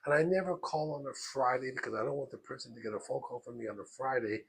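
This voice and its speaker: A rabbi giving an emphatic, storytelling lesson. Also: male voice, mid-range voice, fast talker, vocal fry, husky.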